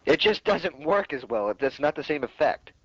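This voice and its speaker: A man's voice: fairly high pitch, big pitch swings, moderate pace, husky, no echo. Opinionated male podcast co-host. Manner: opinionated, rambling storytelling. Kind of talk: casual wrestling chat. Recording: dull lo-fi podcast audio.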